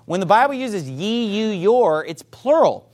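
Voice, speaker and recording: Man preaching, high voice, very animated pitch, acts out voices, sermon. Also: a little slow.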